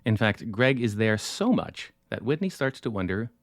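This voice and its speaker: Lively-voiced man narrating a podcast. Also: lowish voice, a little hiss or hum. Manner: storytelling with dramatic pauses. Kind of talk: scripted narration.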